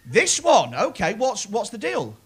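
A man's voice: high voice, wildly swooping pitch, measured pace, a bit bright. A male stand-up comedian doing teasing, sweary crowd work from a comedy club stage on a handheld mic. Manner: teasing, sweary, riffing with the audience. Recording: live club with crowd laughter.

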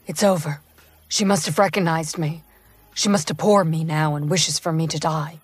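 A woman reading a storybook, voicing a despairing young male eagle beast man in a low, hopeless murmur. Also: steady tone, moderate pace, slightly rough, no room sound.

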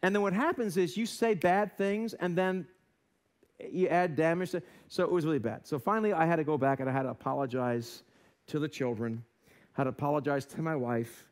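Speaking fairly fast in a higher register, an American pastor delivers a sermon in a church sanctuary, telling a self-deprecating story and performing the characters' voices.

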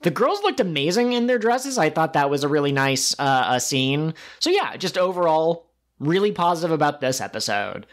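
A man's voice: a little high, sing-song, moderate pace. A man co-hosting a podcast, enthusiastically recapping an episode and acting out quoted lines. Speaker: podcast co-host. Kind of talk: casual chat.

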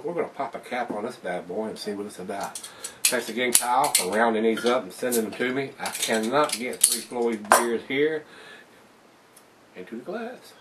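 Recorded from a distance with slight background noise, a man with a lowish voice gives a folksy, laid-back beer review to camera. He chats with viewers and keeps calling them "guys."

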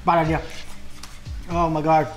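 A man's voice: fairly high pitch, level tone, unhurried, music in the background. A man vlogging a spicy food challenge in a casual way, groaning and exclaiming between bites. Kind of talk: casual mukbang vlog.

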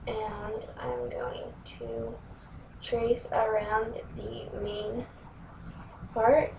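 Slow-talking woman teaching a craft. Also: mid-range voice, big pitch swings. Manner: slow, instructive, drops to near-whisper at times. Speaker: crafting tutorial host. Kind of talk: step-by-step craft tutorial. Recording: distant mic, faint room noise.

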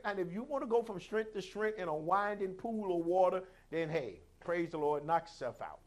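A high-pitched man preaching a sermon from the pulpit. He swings between sudden shouts and soft, hushed lines, dropping in hallelujahs as he goes. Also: moderate pace, few pauses. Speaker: pastor.

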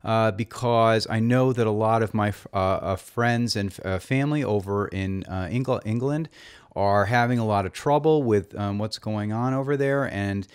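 A man hosting a comedy review show, delivering a mock-earnest monologue in a deadpan, rambling way with constant hesitations. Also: lowish voice, moderate pace, clean tone. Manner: rambling, full of fillers and restarts, deadpan.

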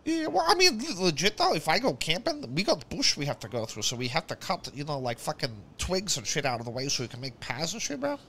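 A man's voice: fairly high pitch, wildly swooping pitch, brisk, few pauses, bright, forceful tone, a little hiss or hum. A young man in casual voice chat, slangy and swearing, calling everyone bro. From Australia. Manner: slangy, swears a lot, says bro constantly. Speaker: game streamer chatting out of character.

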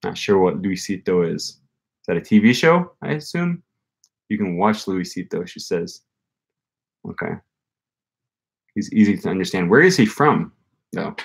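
A man's voice: low-pitched, sing-song, moderate pace, vocal fry, pauses often, breathy edge. A man hosting a casual language-learning livestream, reading viewer comments and rambling with frequent restarts. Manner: rambling, self-correcting, with frequent fillers and restarts.

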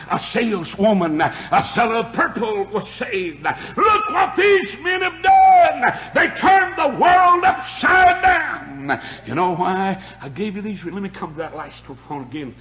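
Fiery older preacher. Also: male voice, high voice, low-quality recording. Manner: fiery, swings between shouting and quiet. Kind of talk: revival sermon.

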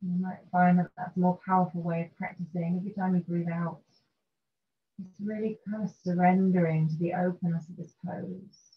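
Soft-spoken woman guiding restorative yoga. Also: lowish voice, little pitch movement. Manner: gentle, slow and soothing guidance. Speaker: yoga teacher. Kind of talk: guided restorative yoga instruction. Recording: dull lo-fi recording with faint noise.

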